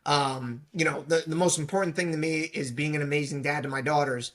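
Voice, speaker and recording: Guy guest, kinda high voice, earnest, reflective chat. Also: fairly even intonation, fairly quick, fairly bright tone. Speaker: police union leader guest. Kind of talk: casual interview conversation.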